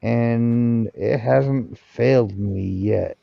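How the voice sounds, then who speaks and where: A man's voice: mid-range voice, drawn-out words, creaky, no echo, dull audio. A man hosting a casual livestream chat, rambling and sardonic, with frequent swearing.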